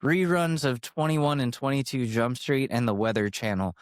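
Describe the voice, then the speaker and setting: A man's voice: medium pitch, moderate pace, no room sound. Young male podcast host, twenties, mid-range voice, dry close sound; rambling, profane, self-deprecating storyteller. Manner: jumps from sidetrack to sidetrack. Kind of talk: candid storytelling rant.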